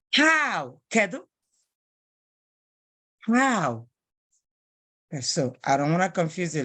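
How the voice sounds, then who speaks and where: Woman teacher, slow and patient, animated pitch, dry close sound. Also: dry recording. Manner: slow, patient, repeats phrases word by word. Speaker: language teacher. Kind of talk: online language lesson.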